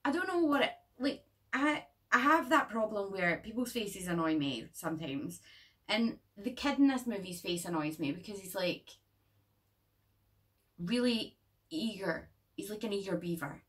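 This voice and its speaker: A young woman chatting through a horror film review, rambling and jokey, swearing freely. Her voice sits fairly low, and she sounds a bit back from the microphone. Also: fairly bright tone, distant mic. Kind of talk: casual vlog chat.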